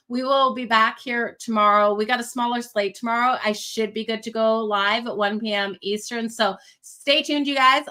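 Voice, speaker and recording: A woman's voice: a little high, sharp tone. A woman from Australia with a Canadian accent that still carries some Australian vowels, chatting upbeat and directly to viewers as a sports betting host on a live stream. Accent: Canadian with Australian traces.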